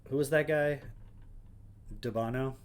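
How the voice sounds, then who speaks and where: A man's voice: mid-range voice, fairly even intonation, measured pace, smooth. A man with an ordinary mid-range voice hosts a casual livestream. He reads passages aloud, then interrupts himself with dry, sarcastic questions and offhand comments. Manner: wry, sarcastic asides between read passages. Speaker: livestream host.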